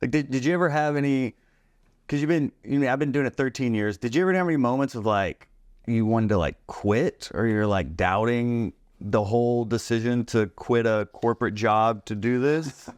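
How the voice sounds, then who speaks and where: A man's voice: mid-range voice, normal speed, dry recording. A man hosting a comedy interview, laughing along and asking long, rambling questions. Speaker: podcast host and comedian. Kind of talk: interview chat.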